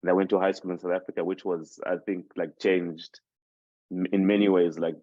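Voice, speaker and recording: A Zimbabwean man in his twenties, a native Shona speaker and podcast host appearing as a guest, reflects on his life in a casual interview, rambling and restarting sentences. His low voice is flat, mellow and a little fast. The dull, dry recording has no echo.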